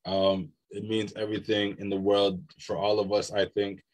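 Male panelist, very low monotone voice, hesitant and self-deprecating. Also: moderate pace. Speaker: panelist poet. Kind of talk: panel discussion.

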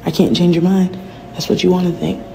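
A woman ranting candidly about herself, profane and frank, often dropping into soft whispered asides. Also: on the low side, level tone, brisk, vocal fry, poor audio. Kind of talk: candid personal rant.

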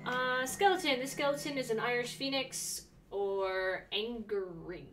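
A young woman streaming a video game, chatting excitedly to herself and breaking into sudden squeals. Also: fairly high pitch, measured pace, few pauses, distant mic, faint music behind. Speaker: let's play streamer. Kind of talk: casual gameplay commentary.

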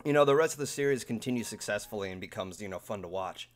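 A man's voice: fairly low pitch, expressive, fast talker, faint music behind. A man in a casual group chat, rambling through jokey comparisons.

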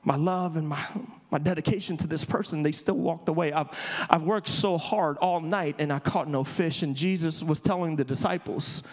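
A man preaching a sermon as a pastor, storytelling with emphasis and dramatic pauses. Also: a little high. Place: church auditorium. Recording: echoey church hall.

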